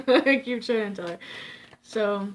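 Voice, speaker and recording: A woman's voice: mid-range voice, takes it slowly, slight background noise. A woman tarot reader chatting casually to her viewers, rambling with lots of fillers and swearing lightly, tired without her coffee. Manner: rambling and chatty, many fillers and self-interrupting laughs. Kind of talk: casual chat to camera.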